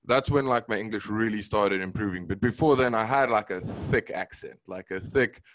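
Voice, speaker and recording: A man from South Africa with a South African accent, whose first language is Afrikaans, speaking as a podcast guest in a relaxed, halting way. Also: lowish voice, no echo. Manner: relaxed, hesitant, many fillers. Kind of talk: casual conversation.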